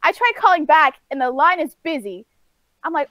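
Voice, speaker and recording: A woman co-hosting a casual podcast chat, telling an animated story with laughs and acted-out quotes. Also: high-pitched, moderate pace, no echo. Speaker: podcast co-host.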